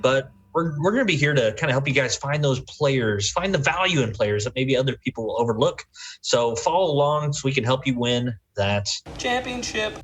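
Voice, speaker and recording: Lively upbeat male podcast co-host. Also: mid-range voice, brisk. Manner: upbeat, playful, announcer-like at times. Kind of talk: casual chat. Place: on the road, remote recording.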